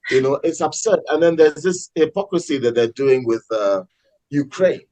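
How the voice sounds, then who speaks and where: A man talking passionately in a casual political discussion, with many halting restarts. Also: on the high side, animated, mellow, no echo, rough recording. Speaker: podcast co-host.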